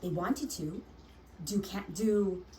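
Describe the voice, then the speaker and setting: A woman's voice: medium pitch, slow pace, warm tone, far from the mic, a little hiss or hum, rough recording. A woman who works as a nurse, telling a personal story frankly and heatedly, swearing often and restarting her sentences.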